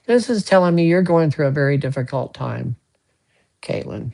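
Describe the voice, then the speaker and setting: A man giving a casual live tarot reading, gentle with folksy joking asides. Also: on the high side, expressive, normal speed, vocal fry. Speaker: tarot card reader.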